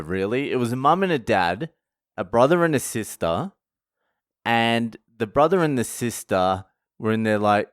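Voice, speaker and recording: Crude aussie bloke swearing thru a travel story, laughs at his own jokes, crisp clean voice. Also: mid-range voice, no echo, clean studio sound. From Australia. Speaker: vlogger. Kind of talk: profane storytelling rant.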